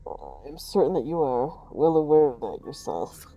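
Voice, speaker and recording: A woman voicing a grave, soft-spoken man from a game, with a muffled voice and slow, archaic phrasing. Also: deep voice, expressive, pitched below the performer's own voice. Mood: solemn. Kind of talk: reading game dialogue aloud.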